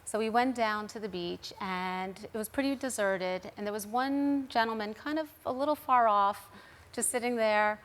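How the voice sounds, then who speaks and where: A middle-aged woman tells a personal story as a talk show guest. Her pitch sits in the middle, and she speaks earnestly, acting out what others said. The voice is plain and conversational. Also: normal speed, fairly bright tone. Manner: earnest, recounting events with quoted dialogue.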